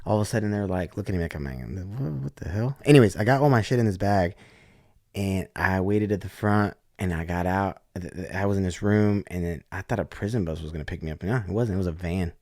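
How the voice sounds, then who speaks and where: Low-voiced man telling a lively story. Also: quick pace, dry recording, clean studio sound. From Oklahoma. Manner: animated, acts out quoted voices with frequent restarts. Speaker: podcast guest. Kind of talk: casual storytelling.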